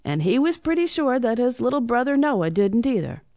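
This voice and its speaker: A woman reading a children's Christmas bedtime story, animated with hushed, whispery asides. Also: on the high side, moderate pace, no room sound, clean studio sound.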